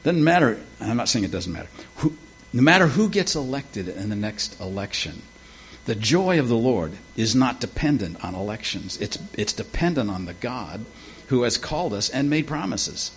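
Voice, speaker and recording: A man's voice: mid-range voice, big pitch swings, moderate pace, slight background noise. A man preaching a sermon with folksy, humorous storytelling. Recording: dull lo-fi with faint ambience.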